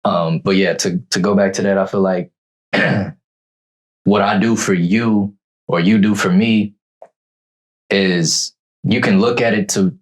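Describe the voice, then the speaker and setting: A man co-hosts a casual podcast chat. His voice sits very low, and he feels his way through each point with fillers, restarts and pauses. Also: fairly even intonation. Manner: halting, many fillers and restarts. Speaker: podcast co-host.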